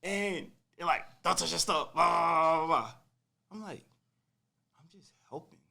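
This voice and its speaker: A young man casually telling a personal story on a podcast, animated and full of slang, acting out what people said. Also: on the high side, measured pace, creaky. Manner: animated, slangy, acts out quotes.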